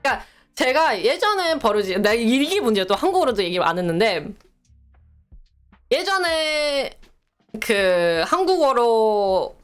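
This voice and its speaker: A woman's voice: on the high side, very animated, rapid-fire, faint music behind. A young woman chatting casually on a live stream, rambling and poking fun at herself. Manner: chatty, rambling, self-mocking.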